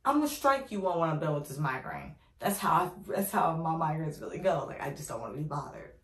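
A young woman with a lowish voice tells a casual story to her viewers. She is animated and sassy, drops slang, and keeps calling them y'all. The sound is roomy and echoey. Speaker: vlogger telling a story. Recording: roomy echo.

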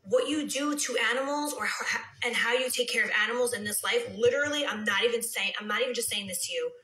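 New woman in her thirties, phone live stream, bright tone, echoey room. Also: a little high, fast. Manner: chatty, swings into soft whispers and heated rants. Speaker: reality TV personality on a live stream. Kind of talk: casual live-stream chat reading comments.

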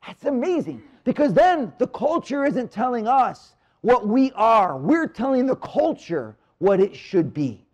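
A priest with a high, sing-song voice gives a live marriage retreat talk in a church room near the Blessed Sacrament, speaking casually and energetically before slowing into quiet stretches to stress a point. The audio sounds dull.

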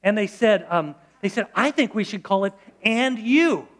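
A man's voice: sits high, expressive, moderate pace. A middle-aged male pastor preaching a sermon in church, conversational and storytelling, with frequent restarts.

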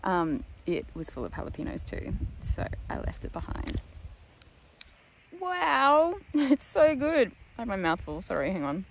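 Low-voiced woman chatting to camera. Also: brisk, few pauses, a little hiss or hum. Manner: chatty, rambling, laughs often, many ums and likes. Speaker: long-distance walker and vlogger. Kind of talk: casual vlog chat to camera.

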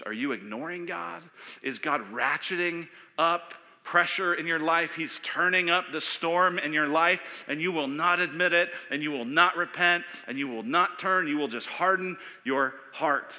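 A man preaching a sermon as pastor, animated, asking questions and acting out voices. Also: on the high side, moderate pace. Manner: animated, acts out voices, asks the audience questions. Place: church sanctuary. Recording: long hall reverb.

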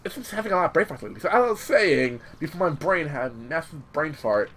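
A man's voice: on the high side, animated, fast, a bit bright. A young man hosting a gaming channel, chatting casually over gameplay, rambling with many restarts and casual swearing. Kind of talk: let's-play commentary.

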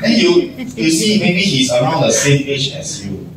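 A general manager gives staff a casual motivational talk, acting out little scenes and laughing often. His voice is on the high side and sing-song at a moderate pace. The recording is noisy, from a distant mic in an echoey room.

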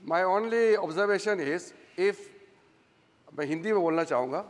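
A man speaking as a minister in a parliamentary debate, starting calm and measured and turning fast and heated. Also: sits high. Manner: calm and slow at first, then fast and heated. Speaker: government minister. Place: parliament chamber. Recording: long chamber reverb.

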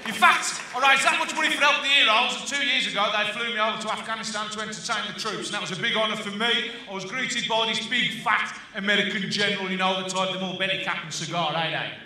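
A man's voice: high voice, fast, few pauses, pushed and bright, a little hiss or hum. A man with a Black Country accent doing live musical stand-up, telling dry, self-mocking one-liners. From Black Country, West Midlands, England. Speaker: musical comedian. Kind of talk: live stand-up comedy with guitar. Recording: very echoey live room, distant voice. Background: guitar music.

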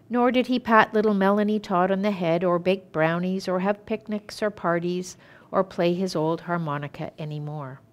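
Calm woman minister reading a story. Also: lowish voice. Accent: Canadian English. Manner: calm, clear storytelling with gentle expression. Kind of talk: reading a children's story aloud.

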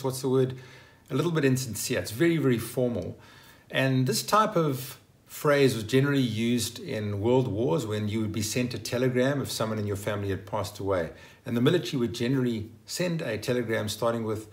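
Upbeat male English teacher, gravelly. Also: mid-range voice, expressive, a little fast. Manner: upbeat and emphatic, acts out example phrases. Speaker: English teacher, channel host. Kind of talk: scripted vocabulary lesson.

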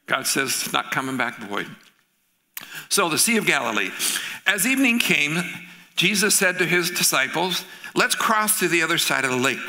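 A middle-aged male pastor preaching a sermon in a church, telling stories and acting out the voices in them. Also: fairly high pitch. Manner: animated storytelling, acting out quoted voices.

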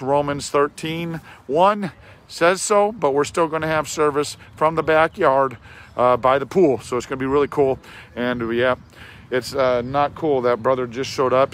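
A hoarse man with a scratchy voice gives an earnest, rambling video update as an outreach pastor, recorded outdoors in a park on a handheld phone. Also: medium pitch. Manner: earnest, rambling, with many fillers.

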